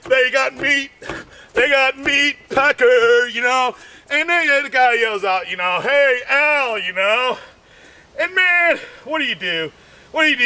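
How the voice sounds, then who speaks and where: A man doing a rambling stand-up monologue, drawling and meandering, full of "you know, man," with sudden shouted bursts. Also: high-pitched. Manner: bursts into shouting and sung snippets. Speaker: stand-up comedian.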